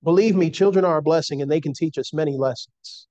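Male preacher, middle-aged, earnest and emphatic, slightly high, dry sound. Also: dark tone, dry recording, dull audio. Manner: earnest, slow emphatic delivery. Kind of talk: sermon.

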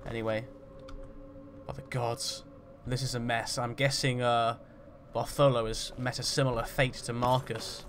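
A man hosting a game roleplay, talking through it in a chatty, jokey way and getting loud and jumpy when startled. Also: medium pitch, flat delivery, measured pace, slight background noise. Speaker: gaming roleplay host. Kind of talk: roleplay let's-play commentary.

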